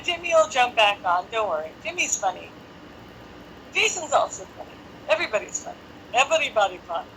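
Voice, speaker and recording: Her voice is highish, bright, and forceful as she hosts a casual live stream from her apartment on her phone. She chats and cracks jokes to herself while waiting for guests, and the rough recording carries slight background noise.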